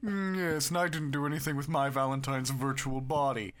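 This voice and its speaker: A man co-hosting a casual podcast chat, making deadpan jokes. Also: mid-range voice, a little fast. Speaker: podcast co-host.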